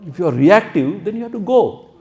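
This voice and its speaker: A man's voice: sits high, animated, fairly quick, dark tone. A man teaching scripture as a spiritual teacher, explaining terms word by word and acting out quotes. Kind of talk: scripture lecture.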